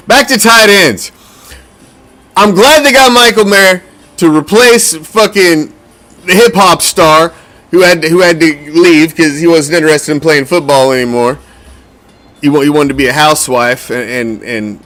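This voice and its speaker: A middle-aged man with a fairly high-pitched voice, hosting a fan sports show. He rants heatedly with constant swearing and restless restarts. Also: moderate pace, fairly bright tone. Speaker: fan podcast host. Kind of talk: profane sports rant.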